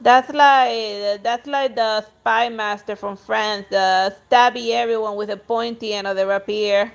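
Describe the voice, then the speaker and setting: A woman's voice: fairly high pitch, fairly even intonation, a little slow, gravelly. A woman streamer reading a story game aloud with narration and dry casual asides.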